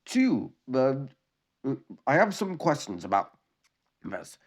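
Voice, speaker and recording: A man's voice: medium pitch, big pitch swings, unhurried, long pauses. A man reading a creepy story aloud, breaking in with sarcastic commentary and tripping over words. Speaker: creepypasta reader.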